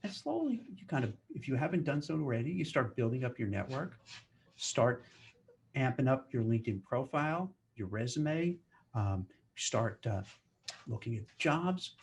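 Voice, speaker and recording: A man talks through career advice in a casual monologue, animated and quick to act out office chatter. His voice sits at an ordinary middle pitch. Faint noise hums behind him. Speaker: career commentator.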